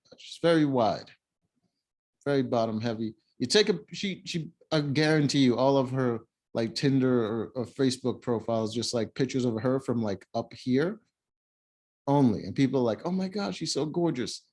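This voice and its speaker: A man's voice: mid-range voice, normal speed, a little mellow. A man giving casual, opinionated commentary while reviewing a reality show, blunt and mocking.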